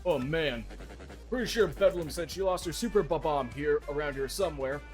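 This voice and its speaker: A man's voice: on the high side, normal speed, faint music behind. A man giving casual, joking gameplay commentary as a streamer, swearing now and then.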